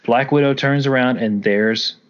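A man co-hosting a podcast, recapping and reviewing a film in animated, casual chat with the odd swear word. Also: medium pitch, moderate pace. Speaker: podcast co-host. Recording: dull lo-fi audio.

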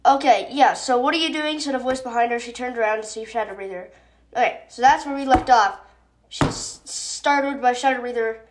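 A woman's voice: fairly high pitch, normal speed. A woman hosting a podcast, chatting casually and reading her own story aloud with fillers and self-corrections.

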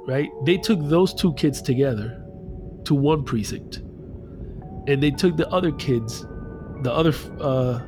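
A man's voice: medium pitch, measured pace, long pauses, over music. A man retelling a story in casual chat, loose and profane, acting out the voices.

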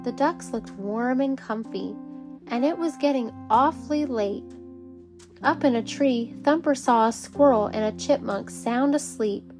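Woman, bedtime storybook narration, gentle, slightly high voice, soft background music. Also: a little slow. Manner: gentle, warm storytelling to children. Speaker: storybook reader.

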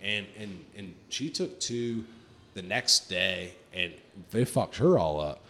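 A man co-hosting a podcast, telling a long story in casual chat, swearing often and jumping high in pitch when he quotes himself. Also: slow pace, gravelly. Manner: profane, animated storytelling, pitch jumps high on quoted lines. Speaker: podcast co-host.

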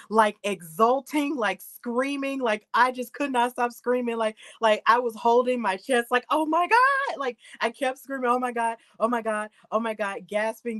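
A woman in her thirties co-hosting a wrestling aftershow, chatting in an animated, gushing way with lots of fillers and laughs. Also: on the high side. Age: 30s. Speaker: aftershow co-host. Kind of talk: excited casual chat.

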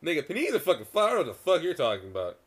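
A young man firing off quick, blunt banter in a chat with friends. He swears freely, and his pitch swings widely from line to line. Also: wildly swooping pitch, fairly bright tone, breathy edge. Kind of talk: casual chat.

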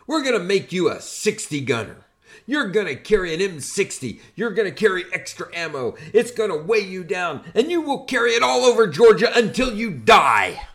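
A man putting on the voice of a gruff male drill sergeant, barking threats and stretching out his words with slow menacing emphasis. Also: fairly low pitch, sing-song. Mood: bellowing.

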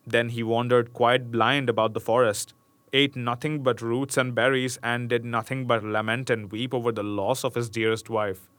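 A man's voice: medium pitch, level tone, moderate pace, fairly bright tone, no echo. A young man casually reading a fairy tale aloud, stopping to joke and chuckle between passages. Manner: laid-back, joking, chuckles between asides. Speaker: storyteller.

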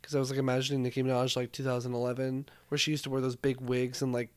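Animated young podcast co-host, man. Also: mid-range voice, rapid-fire. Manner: animated, swearing, jokey. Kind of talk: casual chat.

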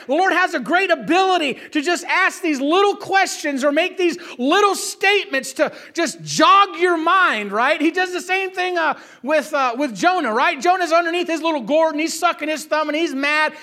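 High, bright-voiced man preaching. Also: normal speed, few pauses. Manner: emphatic, swings between shouting and hushed asides, keeps asking "Amen?". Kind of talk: sermon.

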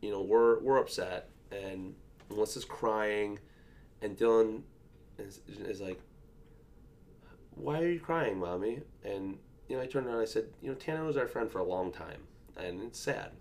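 A man in his thirties, a father co-hosting a podcast, chats casually and reflectively about parenting. His fairly low, darkish voice tells stories with frequent halting restarts.

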